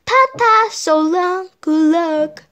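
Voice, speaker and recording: A woman voicing a fussy, bossy mother hen in a storybook, with a high, chirpy manner. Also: expressive, takes it slowly, exaggerated voice.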